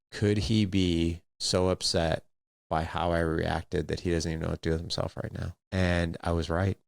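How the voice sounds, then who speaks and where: A man hosting a podcast, telling a personal story in a candid, animated way with acted-out quotes. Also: low voice, gravelly, no room sound, studio quality. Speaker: podcast host.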